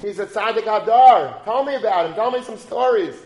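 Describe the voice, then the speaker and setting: A man voicing an excitable, insistent male traveler in a retold story, recorded in a roomy space. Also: high voice, moderate pace, slight background noise, lightly acted. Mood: eager. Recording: roomy recording with faint background.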